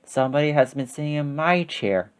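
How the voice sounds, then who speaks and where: A man voicing a mild mother bear in a storybook reading, soft and gentle. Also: fairly high pitch, expressive, brisk, clean tone, lightly acted.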